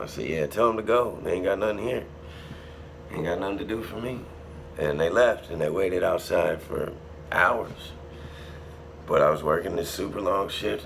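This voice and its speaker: A young man with a low, gravelly voice recounts his past in casual street slang. He swears freely and punctuates the action with spoken sound effects. A faint noise hangs behind him. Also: a bit bright. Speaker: storyteller. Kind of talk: casual storytelling.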